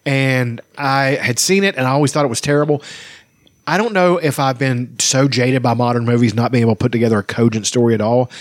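In a dry, clean studio recording, a middle-aged podcast co-host talks fairly quickly at a medium pitch. His chat is casual, enthusiastic and heavy on swearing.

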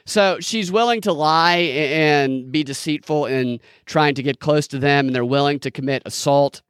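A man's voice: a little high, moderate pace, a bit bright, clean tone, no room sound, studio quality. A man hosting a podcast, mocking the clips he plays and parroting quotes sarcastically. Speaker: podcast host. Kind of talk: commentary over played clips.

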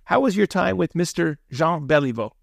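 Man, podcast host, gravelly voice, fairly high pitch, short upbeat questions, dry sound. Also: expressive, moderate pace, no echo. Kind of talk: interview questions.

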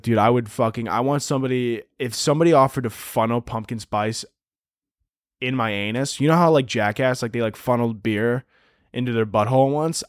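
Male comic podcaster, profane and hyperbolic, average pitch, dead-dry mic. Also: dry recording. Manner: crude, hyperbolic, deadpan-absurd ranting with frequent "dude". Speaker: podcast host. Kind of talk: comedic solo podcast rant.

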